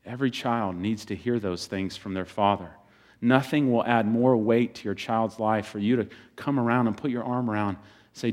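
Man preaching, loud then hushed. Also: on the low side, normal speed. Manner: animated preaching, swinging between loud bursts and quiet, hushed passages. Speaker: pastor. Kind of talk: sermon.

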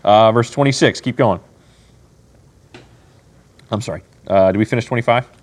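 Speaking at a normal speed in a voice on the low side, a man runs a Bible study in a relaxed, conversational way. He acts out what people would say and regularly asks "okay?"

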